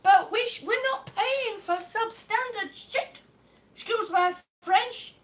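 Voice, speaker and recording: A woman's voice: extremely high pitch, slow pace, a little hiss or hum. A woman live-streaming a complaint about damaged tiles at home, exasperated and sarcastic, swearing now and then. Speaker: vlogger. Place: home, indoors.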